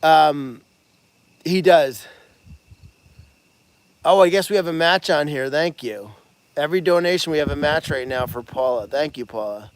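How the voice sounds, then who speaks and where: A man caring for animals at a sanctuary, chatting casually and excitedly on a livestream and thanking donors as he goes. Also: fairly high pitch, clear, resonant tone, dry recording. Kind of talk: casual live-stream chat.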